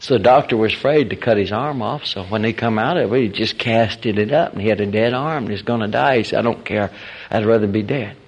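A man preaching in a folksy, animated storytelling style, acting out the quotes of the people in his stories. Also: fairly low pitch, a little fast, few pauses, slightly rough, muffled recording. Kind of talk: storytelling sermon.

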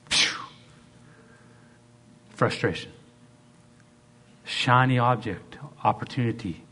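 A middle-aged man preaching a sermon as pastor, swinging between loud acted-out quotes and quiet asides. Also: mid-range voice, unhurried, long pauses.

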